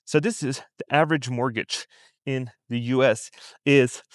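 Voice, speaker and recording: A man's voice: mid-range voice, steady tone, moderate pace, no room sound, studio quality. A man vlogging about personal finance in casual commentary, talking to viewers in a conversational way and firing off rhetorical questions. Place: outside a store in a shopping district.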